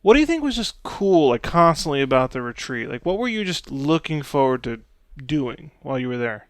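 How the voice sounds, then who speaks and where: A man's voice: on the high side, big pitch swings, fairly quick, dry recording. A man hosting a casual chat, easygoing and reflective, laughing often. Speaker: podcast host.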